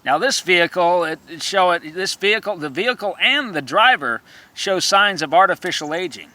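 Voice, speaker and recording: A man's voice: high-pitched, animated, normal speed, bright, forceful tone. A man in a rambling monologue who stammers, repeats himself and erupts into profane, threatening rants.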